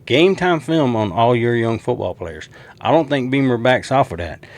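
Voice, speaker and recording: Man, Southern accent, casual sports talk, animated, jokey, mid-pitched. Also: no echo. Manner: animated, jokey, talks straight to viewers. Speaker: sports show host.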